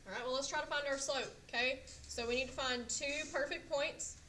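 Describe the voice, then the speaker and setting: Bright-voiced woman teaching math. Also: high-pitched, a little fast. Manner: quizzing students with frequent "okay?" check-ins. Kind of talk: classroom math lesson. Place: echoey classroom. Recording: echoey classroom, faint noise.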